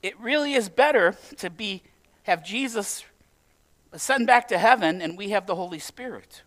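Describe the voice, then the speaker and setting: A pastor with a notably high voice for a man, preaching in a relaxed, talky way. He jokes now and then and puts questions straight to the congregation. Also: moderate pace. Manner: conversational, humorous preaching with direct questions to the congregation. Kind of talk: sermon.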